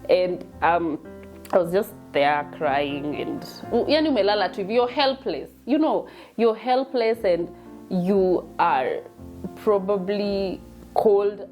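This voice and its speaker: A woman's voice: fairly low pitch, a little mellow. A young woman with a Kenyan accent telling a personal story in a chatty, emotional way, mixing English and Swahili. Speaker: vlogger telling her birth story.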